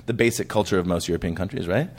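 A man chatting casually, telling animated stories with frequent stammers and restarts. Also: low-pitched, rapid-fire, slightly rough. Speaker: band member guest. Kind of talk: casual chat.

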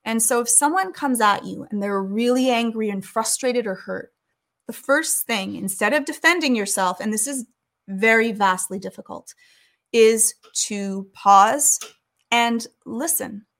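A woman giving calm, earnest advice in a conversation, acting out the things people say to each other. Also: a little high, measured pace, creaky. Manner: calm, earnest, acts out quoted speech.

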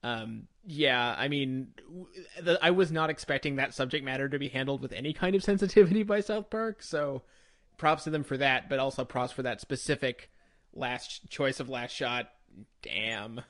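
A man's voice: medium pitch, moderate pace, fairly bright tone. A man co-hosting a TV podcast, chatting casually with a wry, laughing manner. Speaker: podcast co-host. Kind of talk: casual TV review chat.

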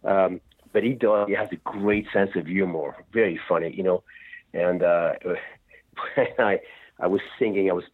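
A man's voice: low voice, steady tone, measured pace, slightly rough. A man, a rock singer, talking in a rambling way and often laughing during a radio interview over the phone. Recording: tinny phone line.

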